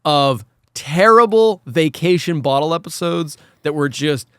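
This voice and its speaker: A man hosting a casual podcast chat who talks in an animated, ranting, profane way. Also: fairly high pitch, measured pace, clear, resonant tone, no echo, studio quality. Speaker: podcast host.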